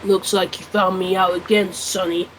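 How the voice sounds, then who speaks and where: A man's voice: high-pitched, flat delivery, moderate pace, fairly bright tone, slight background noise. A man voicing a nosy, bossy old woman security guard as he reads game dialogue aloud, in a scolding, theatrical manner. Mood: snippy.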